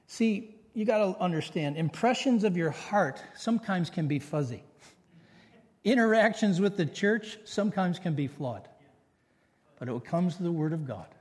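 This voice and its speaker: A man's voice: fairly high pitch, darkish tone, long reverb tail. A middle-aged man pastor preaching a sermon, earnest and full of personal stories. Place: church sanctuary.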